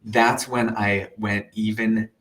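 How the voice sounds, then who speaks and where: A man telling an earnest personal story in a casual way, animated and full of sound-effect words, sometimes dropping to a soft near-whisper. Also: on the low side, slow, poor audio. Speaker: meditation teacher.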